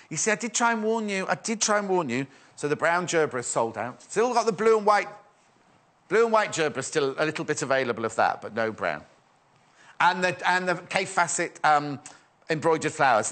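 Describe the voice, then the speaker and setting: Chatty lively TV presenter man. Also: a little high, moderate pace. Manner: chatty, rambling, jokey, reads viewer messages aloud. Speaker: TV shopping presenter. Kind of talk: live shopping channel chat.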